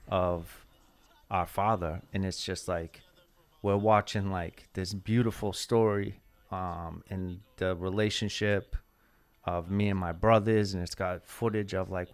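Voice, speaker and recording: A man, a dancer, telling a story in casual podcast talk, rambling with lots of "like" and swearing. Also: deep voice.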